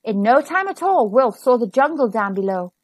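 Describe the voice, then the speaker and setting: A woman reading a children's storybook aloud in an expressive, animated way. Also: fairly high pitch, normal speed, breathy edge, no echo.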